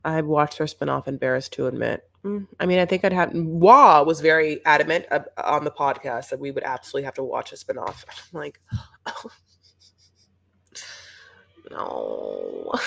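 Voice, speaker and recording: A woman's voice: low-pitched, brisk, creaky, hardly any pauses. A young woman co-hosting a TV recap show, chatting casually in a sarcastic, rambling way. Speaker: co-host of a reality TV recap show. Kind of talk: casual chat.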